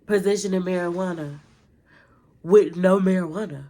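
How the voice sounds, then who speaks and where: A young woman, telling a personal story to her viewers in casual vlog style, jumping high when she acts out her own lines. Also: normal speed. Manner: animated retelling, jumps to high pitch when quoting herself. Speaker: storytime vlogger.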